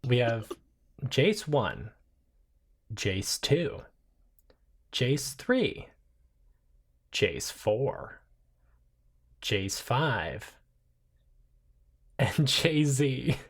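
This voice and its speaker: A woman player at a tabletop game, joking in a slow, dry way. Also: very deep voice, sing-song, husky.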